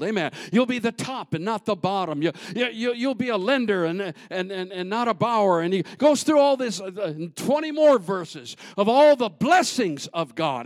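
Pastor, male, high tenor, dry close sound, preaches in surges, shouts the peaks, mutters the asides. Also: very animated, normal speed, no echo. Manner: builds to shouting peaks, drops to low asides; folksy, repetitive, call-and-response. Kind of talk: sermon.

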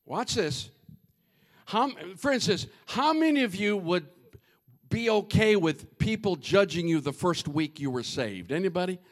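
A man preaching a humorous, animated sermon and addressing the congregation directly. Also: high-pitched, a little slow.

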